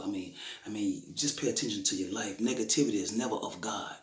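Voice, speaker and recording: A man's voice: lowish voice, brisk. Father telling his story, echoey room. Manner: conversational, repeats himself, frequent "you know what I'm saying". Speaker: grieving father interviewee. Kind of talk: emotional personal storytelling.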